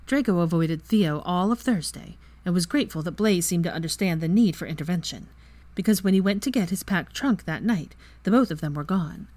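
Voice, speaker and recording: A woman's voice: lowish voice, a little fast, a little mellow, no room sound. A woman narrating a story aloud as a fan fiction reader. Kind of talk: audiobook narration.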